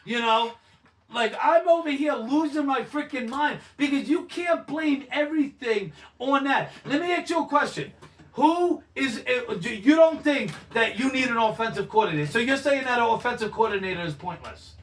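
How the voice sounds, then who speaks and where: A man with a very high voice talks football in a heated debate, arguing loudly and interrupting often. He sits a little back from the microphone, so the sound sits a touch distant. Now and then he swears. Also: lively intonation, moderate pace. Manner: argumentative, loud, interrupting, swears. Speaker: sports talk co-host.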